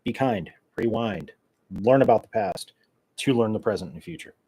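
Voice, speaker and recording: Low-voiced, rambling, wired podcast host. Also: male voice, moderate pace, dark tone, breathy edge, rough recording. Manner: rambling, joking, caffeine-wired, many fillers. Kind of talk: casual solo chat.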